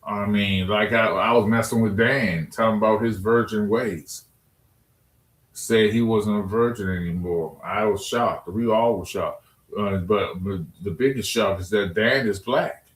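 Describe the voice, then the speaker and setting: A man's voice: fairly low pitch, a little slow. Joking man live-streaming in an echoey room. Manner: loose, joking, trash-talking with chat. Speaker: live streamer reading chat. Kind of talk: casual live-stream chat. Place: home room at his computer.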